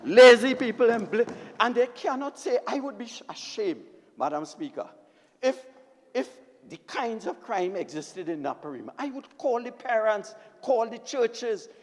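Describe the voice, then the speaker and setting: A man's voice: sits high, big pitch swings, moderate pace. A man with a Trinidadian accent giving an impassioned, emphatic parliamentary debate speech, repeatedly addressing the Speaker from a desk microphone. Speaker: member of parliament. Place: parliament chamber. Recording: long reverb of a debating chamber.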